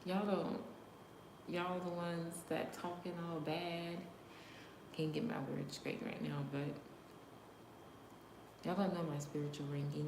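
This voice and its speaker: Low-voiced woman on a livestream just chatting at her viewers, whispers sometimes, echoey room. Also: noisy background. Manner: talks straight to viewers, drops into whispers, laughs often. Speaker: livestream host. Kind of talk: casual livestream chat. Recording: roomy room echo.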